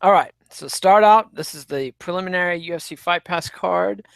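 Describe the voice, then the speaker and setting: A man's voice: high-pitched, normal speed, gravelly, fairly bright tone, clean tone, no echo. A man co-hosting a podcast, teasing his partner wryly while running through the show's rundown. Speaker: podcast co-host. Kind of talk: casual comedic chat.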